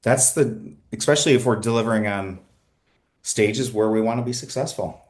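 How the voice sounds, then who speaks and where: Deep-voiced earnest man telling his story. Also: normal speed. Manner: earnest, energetic, with frequent restarts and "like". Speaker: podcast guest. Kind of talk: conversational interview storytelling.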